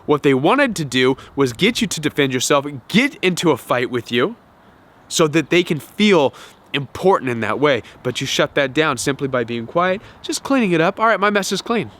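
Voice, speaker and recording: A man hosting a self-help talk to camera, animated, often acting out quoted voices and repeating words. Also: fairly high pitch, normal speed. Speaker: self-help video host.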